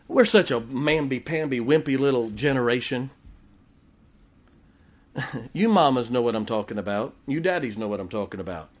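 A man's voice: mid-range voice, lively intonation, moderate pace, long pauses. A man preaching a sermon to a congregation, folksy and emphatic, repeating his key lines and chuckling between points. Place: church before a congregation.

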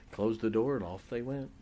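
A man's voice: on the low side, mellow. A man preaching a sermon as pastor, telling folksy stories and joking with his congregation.

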